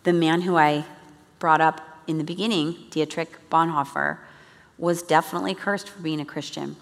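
A woman's voice: low voice, fairly even intonation, normal speed. A woman giving an earnest, chatty church teaching talk to a congregation. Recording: long reverb of a large hall.

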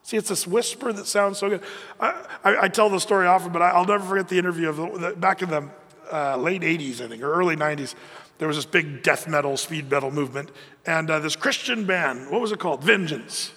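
A middle-aged male pastor delivers a loose, conversational sermon in a high-pitched voice. He restarts his sentences often and keeps the energy animated. The recording carries the long reverb of a church hall. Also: a little fast.

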